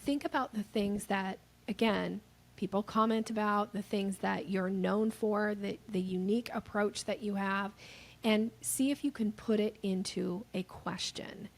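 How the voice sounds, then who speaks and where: A woman guest on a podcast explaining sales techniques, lively and animated, acting out the voices of the people she quotes. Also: medium pitch, a little slow.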